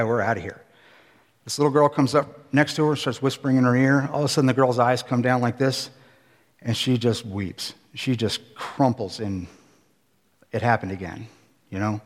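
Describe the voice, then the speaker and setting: A man preaching a sermon, telling a story in an animated way and acting out the scenes. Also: mid-range voice, in a large hall. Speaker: pastor. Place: church hall.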